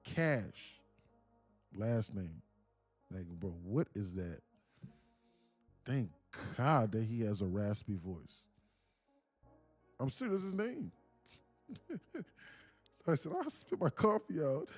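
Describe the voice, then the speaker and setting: A man's voice: lowish voice, big pitch swings, extremely slow, pauses often, darkish tone, slightly rough, no room sound, soft background music. A man hosting a livestream, rambling and joking casually in a loose rant. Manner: rambling, joking, laughs often. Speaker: day trading livestreamer.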